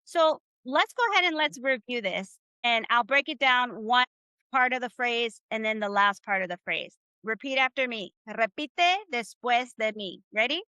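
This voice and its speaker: A high-pitched, bright-toned woman leads a live online Spanish class. She is upbeat and encouraging, and she drills phrases with the group. Her voice sounds dry and close, with no room echo. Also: animated, moderate pace, clean tone. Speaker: Spanish teacher.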